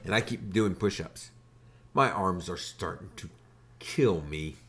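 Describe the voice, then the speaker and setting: A man hosting a podcast, telling a wry, animated story in a casual way. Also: deep voice, a little slow. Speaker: podcast host.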